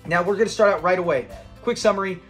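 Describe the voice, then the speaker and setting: A man with a notably high-pitched voice talks casually through an episode review. He rambles, laughs easily and slips into little acted-out quotes. Faint music plays underneath. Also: fast, fairly bright tone. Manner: chatty, rambling, often laughs, acts out scene quotes. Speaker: channel host reviewing a sitcom episode.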